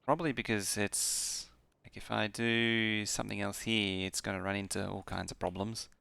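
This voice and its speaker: A man's voice: lowish voice, steady tone, moderate pace, gravelly, pushed and bright, smooth, no echo. A man streaming a game, slightly tipsy from beers, mumbling half-sentences and counting aloud to himself as he builds. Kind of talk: casual muttering while playing.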